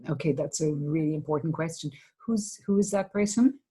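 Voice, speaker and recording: A middle-aged woman therapist from Ireland giving a seminar talk, speaking gently and reflectively with hesitant restarts. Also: sits low, brisk, breathy edge, low-quality recording. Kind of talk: seminar talk, answering a question.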